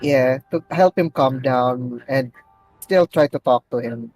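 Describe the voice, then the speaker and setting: A man's voice: slow pace, soft background music, low-quality recording. A man playing in a tabletop game, chatting casually and playfully about his character's plans. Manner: playful, jumps high when excited. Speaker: player.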